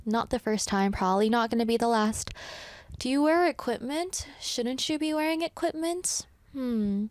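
A young woman hosts a radio show in a playful, teasing way, reading listener messages aloud and adding quick asides. Her voice sits a little high. The studio sound is dry and close. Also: dry recording. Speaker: radio host.

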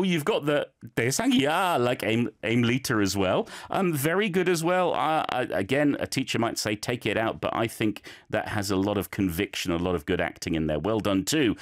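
A man's voice: mid-range voice, lively intonation, moderate pace. A man teaching, giving chatty, encouraging feedback on learners' recorded clips with plenty of fillers.

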